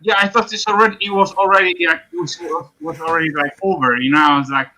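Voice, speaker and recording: A man on a podcast panel who talks casually and haltingly, restarting his sentences and swearing. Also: fairly high pitch, fairly even intonation, bright, forceful tone, poor audio. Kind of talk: casual chat.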